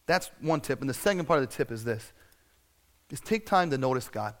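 A man preaching a sermon in a conversational, storytelling way, acting out scenes and sometimes shouting for effect. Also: medium pitch, animated, fairly quick. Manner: conversational and self-deprecating, with frequent fillers. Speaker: pastor.

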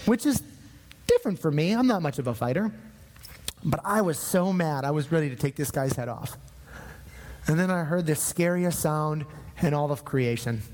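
A man's voice: high voice, long reverb tail. A man from northern Minnesota preaching a sermon, telling a personal story with acted-out dialogue. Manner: animated storytelling, acting out dialogue. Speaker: pastor.

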